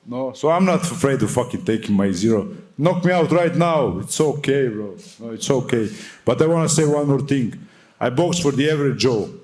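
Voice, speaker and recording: A man's voice: mid-range voice, fairly quick, a little mellow. A young man answering at a boxing press conference, fiery, defiant and full of swearing.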